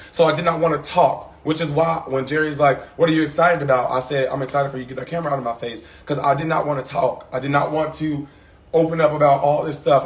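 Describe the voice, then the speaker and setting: A man's voice: on the high side, echoey room. A young man, talking frankly and emphatically on a casual live stream. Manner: frank and emphatic, retelling grievances. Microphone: phone.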